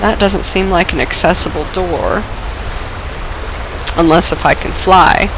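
A woman commenting on her gameplay, her voice lowered and rough from being sick with a dry cough; excitable, swearing and laughing at herself. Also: a little slow, noisy background. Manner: excitable, swears and laughs often, self-mocking. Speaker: let's play gamer.

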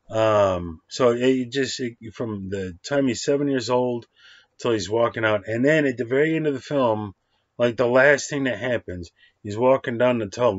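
A man giving a casual, rambling, excitable film review, with lots of fillers and the odd swear word. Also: fairly low pitch, no echo. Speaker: movie reviewer. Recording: dull lo-fi dry sound.

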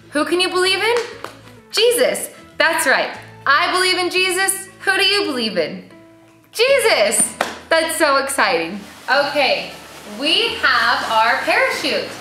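Young woman, preschool church teacher; bright, high voice, roomy echo with faint music behind. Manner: animated, sing-song, asks the kids questions. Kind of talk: children's Bible lesson.

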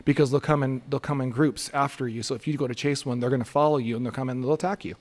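A man telling a story as a podcast guest in a casual, excitable way. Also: mid-range voice, racing.

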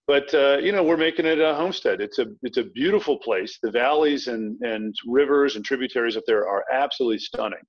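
Quick, restart-prone man on a lo-fi line. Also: mid-range voice. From Virginia. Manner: quick, anecdotal, frequent restarts. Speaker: author guest. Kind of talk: casual interview chat. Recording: dull lo-fi sound.

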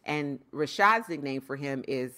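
A woman co-hosting a podcast, telling stories about her children in an expressive, laughing way. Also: extremely low pitch, a little slow. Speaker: podcast co-host and mother. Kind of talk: casual chat.

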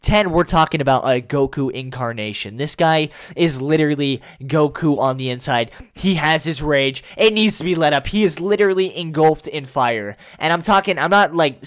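Crude, sarcastic young male YouTuber. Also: a little high. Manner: crude, sarcastic, jumping into loud impressions. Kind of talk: comedic commentary.

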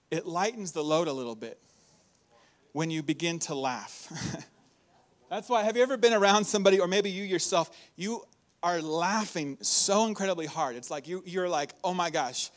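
A man in his thirties preaching a sermon in a church. He is upbeat and animated and laughs often between his points. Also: a little high. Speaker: pastor. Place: church hall.

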